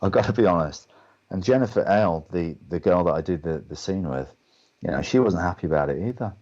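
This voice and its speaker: English man, deep voice, animated storyteller, dull lo-fi call audio. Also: quick pace. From England. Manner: animated anecdotes, acts out other people's lines. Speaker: guest actor. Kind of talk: storytelling in a webcast Q&A.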